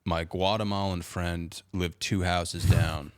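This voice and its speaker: A young man with a very deep, low voice tells a story in relaxed, casual chat. He peppers every sentence with "dude" and "like." The sound is dry and close, with no room echo. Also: slow, clear, resonant tone. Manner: laid-back, says "dude" and "like" constantly. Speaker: podcast guest.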